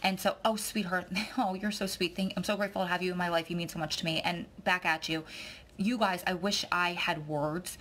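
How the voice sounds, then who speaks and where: A woman's voice: lowish voice, steady tone, a little fast, fairly bright tone, slight background noise. A woman vlogging, talking in a rambling, effusive way that often turns tearful. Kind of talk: rambling emotional vlog chat.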